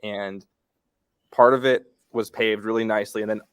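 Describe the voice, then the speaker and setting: A man joins a casual podcast chat, recounting his experience in an unhurried, thoughtful way with small pauses. His voice is fairly low, and the recording is dry and close. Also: steady tone, fairly bright tone, clean tone, no echo. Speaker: camera operator guest.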